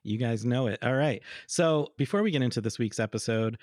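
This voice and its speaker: A man hosting a casual podcast chat with friends, playful and quick to laugh. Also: medium pitch, a little mellow, dry recording, clean studio sound. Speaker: podcast host.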